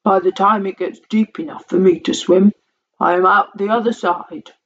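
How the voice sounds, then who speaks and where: A woman's voice: mid-range voice, steady tone, lightly acted. A woman voicing a gloomy, very tall storybook man who sighs over his troubles. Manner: slow, sighing and mournful. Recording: dull lo-fi recording.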